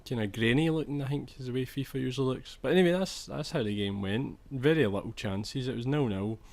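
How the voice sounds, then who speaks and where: A man's voice: mid-range voice, fairly quick, gravelly, a little mellow. A young man commentating over his own football video game footage, chatty, restarting sentences and swearing when annoyed. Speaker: gaming commentator.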